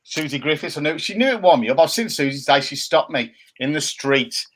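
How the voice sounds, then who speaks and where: A middle-aged man, co-hosting a casual chat show from home and given to animated, jokey rants. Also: fairly high pitch, a little fast. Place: home room by a window. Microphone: laptop camera.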